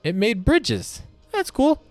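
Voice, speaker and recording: A man chattering over a video game run in loose, goofy commentary, greeting enemies and joking crudely. His voice swings widely in pitch but his pace stays slow and drawn out. Faint game music sits behind him. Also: big pitch swings. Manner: goofy, talks to enemies, silly voices and swearing. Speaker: gameplay commentator. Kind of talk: casual let's-play commentary.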